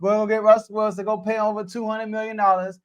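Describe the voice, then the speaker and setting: Animated man hosting a sports podcast. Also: sits high, a little fast, clean tone. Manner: animated, rhetorical, talks straight to the players. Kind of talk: casual sports debate monologue.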